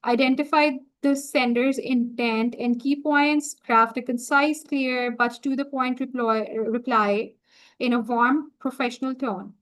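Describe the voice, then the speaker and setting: A woman walking viewers through a software setup on a screen-share tutorial, talking through each click as she goes. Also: on the high side, fairly even intonation, rough recording. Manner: slow, explanatory, talks through each click. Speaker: software trainer.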